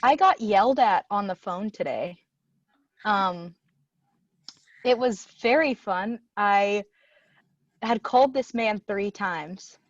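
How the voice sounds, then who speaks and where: A woman's voice: medium pitch, takes it slowly, pauses often, muffled recording. A young woman co-hosting a podcast, telling stories in casual chat and acting out what people said. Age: young adult. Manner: storytelling, acts out her own quotes. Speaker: podcast co-host.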